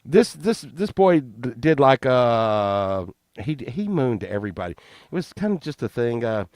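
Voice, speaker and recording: A man in his fifties telling a rambling, profane childhood story, excitable and often laughing. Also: medium pitch, normal speed, no room sound, studio quality. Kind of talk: casual anecdote telling.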